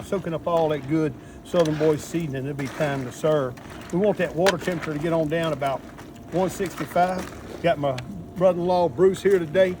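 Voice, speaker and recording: A man, talking viewers through a crawfish boil outdoors in a folksy, step-by-step way. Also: fairly high pitch. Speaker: cook showing a crawfish boil. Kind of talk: casual cooking demonstration. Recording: loud outdoor noise.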